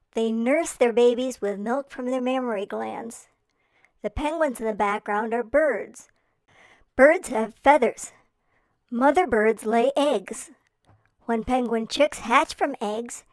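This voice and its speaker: Woman narrator for a kids' book quiz, higher voice, very slow, patient, playful. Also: a little mellow, dry recording. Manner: slow, clear, patient explaining with playful questions. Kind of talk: reading a picture-book quiz to kids.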